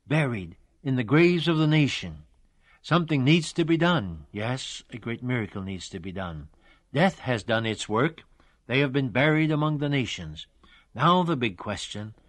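A man teaching the Bible on the radio, explaining scripture verse by verse in an earnest way and slowing down to stress key lines. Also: medium pitch, a bit bright, no room sound. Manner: earnest, explaining verse by verse with emphatic slowed readings.

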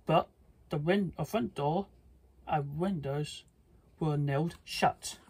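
Husky slow kids story reader, trips on words a bit. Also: mid-range voice, darkish tone. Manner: slow, halting with small slips. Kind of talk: children's read-aloud.

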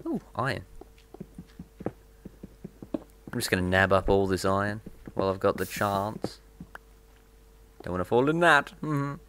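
A man giving relaxed, playful commentary on his own gameplay, chatting to himself as he goes. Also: fairly low pitch, measured pace, long pauses, slight background noise. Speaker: gaming video host.

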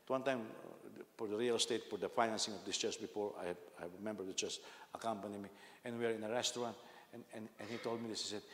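A man preaches a sermon in a big reverberant church hall, his voice carrying a long ringing tail. He tells anecdotes animatedly, often restarting and repeating words as he builds his point. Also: mid-range voice. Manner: animated storytelling, frequent repetitions and restarts. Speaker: senior pastor.

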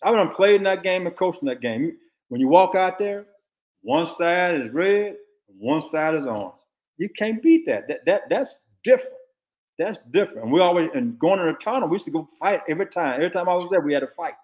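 A man's voice: sits high, animated, brisk, a little mellow. An older man from Texas, a former football coach, giving blunt, emphatic football analysis in casual talk and repeating his points.

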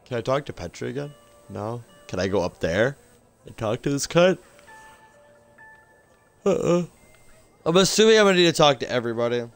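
A man's voice: medium pitch, lively intonation, normal speed, vocal fry, long pauses, soft background music. Crude, rambling male game streamer. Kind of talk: casual live gaming commentary.

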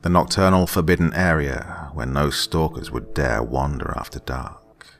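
A man narrating a scripted horror story in a dramatic way, dropping at times into hushed whispers. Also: rumbling low, moderate pace, a little hiss or hum.

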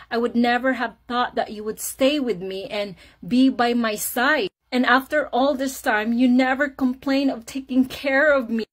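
A woman voicing a fretful, doting old husband who gushes and pleads with sugary sweetness. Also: sits high. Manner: gushing, pleading, overly sweet.

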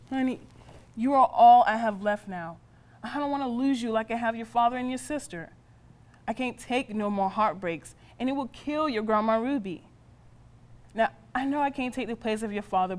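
A woman's voice: on the high side, a little mellow, close to an everyday voice. An actress playing a stern but loving mother who scolds her teenage son in plain, colloquial speech. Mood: pleading. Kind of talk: drama acting.

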